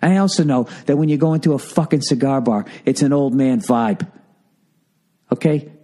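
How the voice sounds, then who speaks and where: A man's voice: medium pitch, normal speed, mellow. A middle-aged man telling a comic story on his podcast, ranting and profane, mocking himself along the way. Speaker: podcast host. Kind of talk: comedic storytelling monologue.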